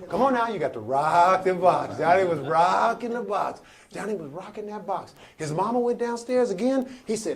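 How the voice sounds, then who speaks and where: A man giving a motivational speech who tells a story in a preacherly style, calls for answers from the audience and builds to shouting. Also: high voice, big pitch swings, a little fast, crowd noise. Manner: preacherly storytelling with call-and-response. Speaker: motivational speaker.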